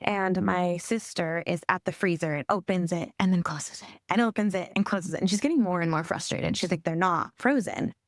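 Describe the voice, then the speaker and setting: A woman's voice: lowish voice, fairly quick, few pauses, no echo, clean studio sound. A woman who coordinates a grief program, talking casually as a guest and often saying "like" and "right?". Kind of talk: casual storytelling and explaining.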